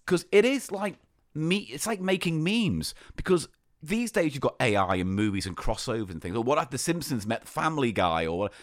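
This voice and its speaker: A man's voice: medium pitch, very animated, moderate pace. A man hosting a podcast, chatting casually and enthusiastically in rambling stretches. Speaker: podcast host. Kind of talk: casual chat.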